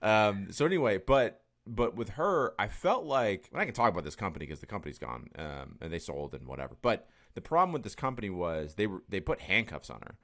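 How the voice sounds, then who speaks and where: A man hosting a podcast interview, talking in a rambling, animated way with casual swearing and frequent laughter. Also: lowish voice, a little fast, few pauses. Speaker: podcast host.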